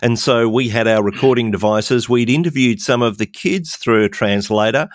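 A man, a radio presenter recalling a trip in a measured, reflective way and asking his co-hosts questions. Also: medium pitch, no echo, clean studio sound. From Australia. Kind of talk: conversational podcast reminiscing.

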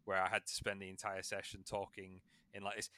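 A man hosting a podcast and acting as game master, in a relaxed and rambling casual chat with many fillers. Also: deep voice, brisk, no room sound.

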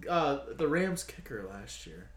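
A man co-hosting a podcast in casual chat, excitable and profane, laughing often. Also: a little high, measured pace, reverberant. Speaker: podcast co-host.

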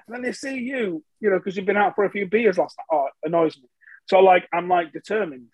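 A man's voice: sits high, quick pace, a little mellow, breathy edge, no echo, poor audio. Chatty, self-mocking man. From England. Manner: chatty and self-mocking, with frequent fillers and restarts. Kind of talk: casual storytelling.

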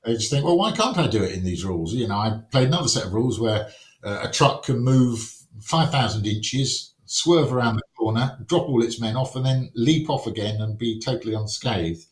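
A man's voice: mid-range voice, normal speed. A man talking casually as a podcast guest, wry and full of anecdotes, often acting out little quotes. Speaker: wargames rules writer, podcast guest. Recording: roomy echo.

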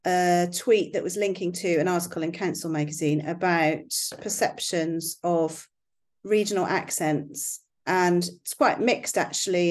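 A woman's voice: low voice, a little mellow. A woman with a West Country accent, chatting in a thoughtful, hedging way on a podcast. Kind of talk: casual chat.

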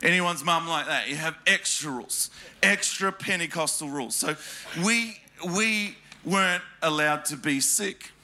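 A man telling funny stories about his upbringing to a live audience, animated and laughing as he goes, with sound effects thrown in. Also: on the high side, measured pace. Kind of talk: comic storytelling to a live crowd.

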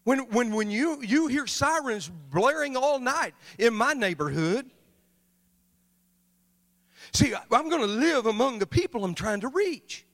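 Man, missionary preacher, high voice, loud-to-hushed delivery. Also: expressive, unhurried, big-room sound. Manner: preaching with big swings from shouting to hushed. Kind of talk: sermon.

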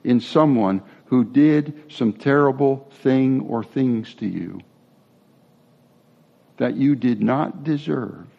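Gravelly man preaching a casual sermon. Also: medium pitch, takes it slowly, muffled recording. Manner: conversational preaching with asides and restarts. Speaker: pastor.

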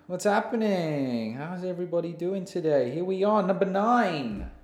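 Young male podcast host, goofy and rambling, high animated voice, roomy sound. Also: normal speed. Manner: goofy, jumps between silly voices and mumbling. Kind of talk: casual solo podcast rambling.

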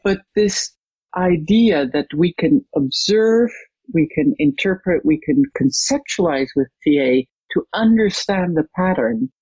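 A coach and trainer, a guest in an interview, who tells a client story with lively retelling and acts out the quoted dialogue. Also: mid-range voice, measured pace, slightly rough, dry recording, muffled recording.

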